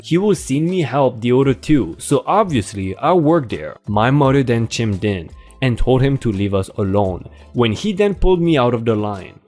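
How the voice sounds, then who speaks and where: Animated man reading online stories. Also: mid-range voice. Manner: hyped, animated delivery. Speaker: story channel host.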